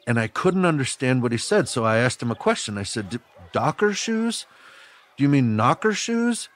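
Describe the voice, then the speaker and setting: A man working as a camp counselor, telling a personal story to children in an earnest, gently encouraging way. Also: mid-range voice. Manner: earnest and gently encouraging, talks straight to kids.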